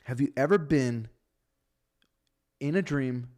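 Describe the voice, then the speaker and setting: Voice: mid-range voice, slow pace, darkish tone. A podcast host in casual conversation, eager, with frequent backchannels, jumping in with their own experiences. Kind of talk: casual chat.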